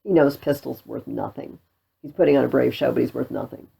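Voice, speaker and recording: A woman's voice: extremely low pitch, a little fast, vocal fry, mellow, husky. A woman tutor explaining a classic play scene by scene, with casual, wry asides. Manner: casual, wry commentary with fillers. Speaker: literature tutor.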